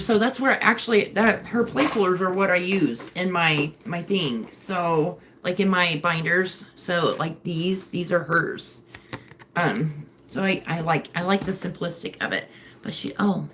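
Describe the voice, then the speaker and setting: A woman's voice: fairly low pitch, a bit bright, slight background noise. A woman hosting a casual livestream from home at night, rambling and chatty with lots of fillers. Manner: chatty, filler-heavy, emotional. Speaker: livestream host. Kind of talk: rambling live-stream chat.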